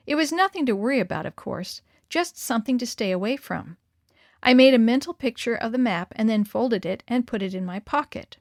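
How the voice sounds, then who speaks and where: A woman reads a first-person story aloud in an earnest, measured way. Her voice sits a little high, and the recording is dry and close, with no room around it. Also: dry recording.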